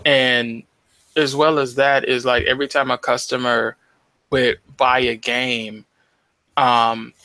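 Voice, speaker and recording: A man's voice: medium pitch, takes it slowly, no echo. A young man co-hosting a casual podcast, telling stories with lots of swearing and acting out the people he quotes. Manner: animated storytelling, heavy swearing, acts out quoted voices. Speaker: podcast co-host.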